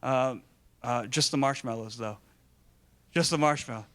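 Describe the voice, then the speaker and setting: A man in his thirties from Michigan, a guest speaker telling stories to a live audience in an animated, joking way. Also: medium pitch, normal speed. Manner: animated and joking, acting out dialogue. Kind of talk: storytelling talk to a live audience.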